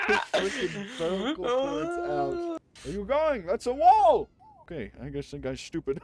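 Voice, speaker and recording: Brief: playful woman live-streaming a game, laughing and joking, animated, relaxed pace. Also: a little high, measured pace, over loud music. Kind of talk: live gameplay commentary.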